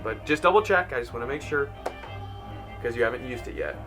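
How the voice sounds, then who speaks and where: A man's voice: mid-range voice, expressive, brisk, over music. A man running a tabletop game as game master, easygoing and checking rules with the players.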